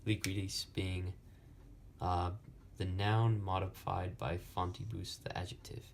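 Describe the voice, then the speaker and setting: A young man slowly explaining Latin poetic meter in a lesson, with many pauses and fillers. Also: low voice, little pitch movement, gravelly, a little hiss or hum. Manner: slow, halting, many fillers. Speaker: Latin tutor.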